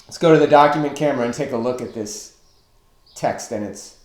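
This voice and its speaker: A man teaching a webinar lecture on poetry, deliberately counting out stressed and unstressed syllables. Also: mid-range voice, reverberant.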